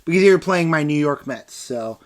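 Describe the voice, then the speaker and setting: A young man casually reviewing movies in a rambling, animated way, acting out scenes with quick impressions. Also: fairly high pitch. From United States.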